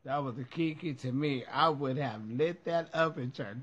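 A man's voice: fairly high pitch, unhurried, a bit bright, breathy edge. A man hosting a casual video show, reacting in a sassy, profane way and laughing a lot.

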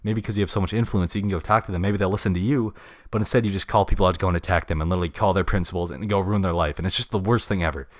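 A man hosting a casual solo podcast, blunt and slangy, swinging between loud opinionated bursts and mumbled asides. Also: sits low, fairly even intonation, rapid-fire, no room sound, studio quality. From United States. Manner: slangy and blunt, heavy on "dude" and "bruh". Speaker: podcast host.

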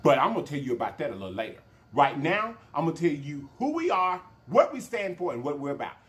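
A man hosting a mukbang vlog, talking casually and excitedly to his viewers. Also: a little high, fast. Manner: animated, excitable, calls out to viewers. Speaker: mukbang channel host.

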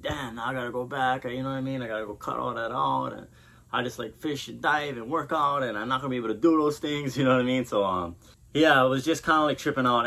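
Bright-voiced man telling a story, swearing freely. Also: mid-range voice, vocal fry. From Hawaii. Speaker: vlogger. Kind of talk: casual talk to camera.

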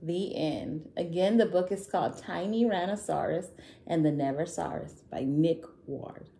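A woman narrating a children's picture book aloud in a gentle, expressive way. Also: fairly low pitch, unhurried, creaky, echoey room, a little hiss or hum. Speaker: children's storyteller.

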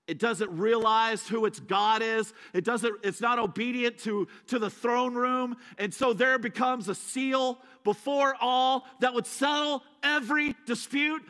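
A man's voice: very high-pitched, fairly even intonation, measured pace, few pauses, pushed and bright. A man preaching a sermon as a guest speaker, telling the story dramatically with joking asides. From USA. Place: church sanctuary. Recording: echoey church hall.

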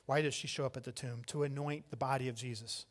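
A middle-aged man preaching a sermon as pastor, telling the story with animated delivery and acting out the voices of the people in it. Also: medium pitch, fast.

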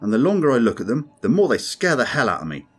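A man's voice: mid-range voice, very animated, quick pace, husky, pitched above the performer's own voice. A man voicing a grim, sardonic male alien crewman who speaks dryly and insistently. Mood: troubled. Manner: dry, insistent, ominous.

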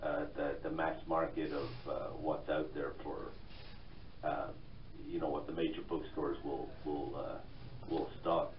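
A man from Ireland with a mixed Irish, London and Canadian accent, talking haltingly as a guest author in a radio interview, with many fillers and restarts. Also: a bass voice, flat delivery, roomy sound, far from the mic, lo-fi sound, slight background noise.

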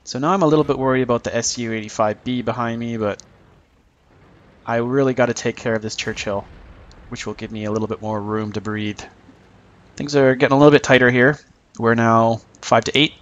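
A man's voice: mid-range voice, fairly even intonation, brisk, muffled recording. A man giving casual, joking commentary over his own tank gameplay, mocking himself and chuckling often.

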